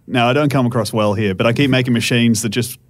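A man's voice: mid-range voice, fast. Man telling funny stories. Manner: storytelling, laughs at own jokes. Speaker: comedian guest. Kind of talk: casual chat.

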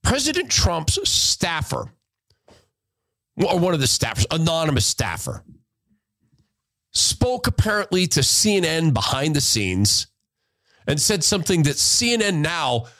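A man's voice: a little high, big pitch swings, normal speed, fairly bright tone, no room sound. A man hosting a podcast, delivering a heated, emphatic and sarcastic commentary rant. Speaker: podcast host.

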